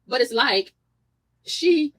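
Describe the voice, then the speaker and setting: A woman vlogger telling a story in a casual rant, animated, profane and indignant, with a husky voice. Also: fairly high pitch, slow, low-quality recording.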